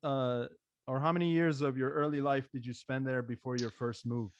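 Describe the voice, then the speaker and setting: A male podcast host from Maryland talks in an earnest, halting way and often restarts his sentences. His voice sits in the middle range. The room sound is dry and close, with no echo. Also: medium pitch, fairly even intonation, highs cut off. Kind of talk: casual podcast conversation.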